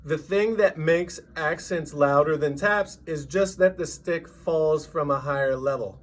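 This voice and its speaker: Male drum teacher, slightly high voice, very slow and patient, noisy recording. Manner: patient, counts sixteenth notes out loud with accents. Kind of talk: music lesson, counting rhythms aloud.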